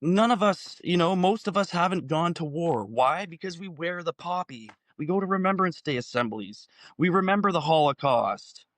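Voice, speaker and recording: A man's voice: fairly high pitch, animated, moderate pace, hardly any pauses, fairly bright tone, no room sound. A man in his forties giving an impassioned solo commentary, full of rhetorical questions. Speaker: political commentator.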